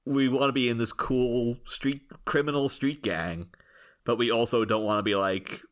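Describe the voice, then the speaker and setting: A man's voice: mid-range voice, steady tone, normal speed. An English man co-hosting a podcast, chatting casually and rambling with frequent chuckles and restarts. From England. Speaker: podcast co-host. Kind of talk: casual chat.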